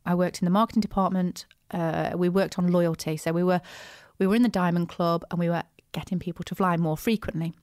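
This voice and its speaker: A woman hosting a business podcast, chatty and animated, with frequent asides and restarts. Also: lowish voice, a little fast, few pauses, no echo, studio quality. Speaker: podcast host, business coach. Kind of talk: casual solo podcast talk.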